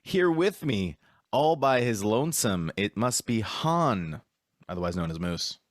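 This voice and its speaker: A man's voice: on the low side, big pitch swings, unhurried, no room sound, clean studio sound. A man hosting a sports podcast, talking in a laid-back, rambling way. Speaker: podcast host. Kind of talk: casual podcast chat.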